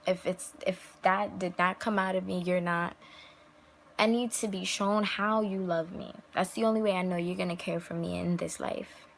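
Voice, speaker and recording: A woman's voice: fairly low pitch, fairly even intonation, normal speed, vocal fry, a little hiss or hum, low-quality recording. A young woman vlogger talking casually to camera, giving emphatic relationship advice full of rhetorical questions. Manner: emphatic, rhetorical questions, acts out quoted voices.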